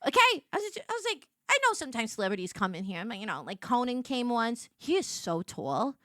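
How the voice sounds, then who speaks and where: High, lively chatty woman streamer. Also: fairly quick, dry recording, clean studio sound. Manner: chatty, rambling, many restarts and "like"s; animated, jumps into high voices for quotes. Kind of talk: casual storytelling chat to a stream.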